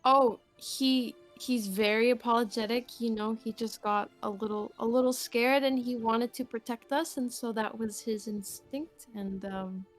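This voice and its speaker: A woman's voice: on the high side, steady tone, unhurried, few pauses, soft background music. Bubbly, hesitant woman player. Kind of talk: casual chat at a tabletop game.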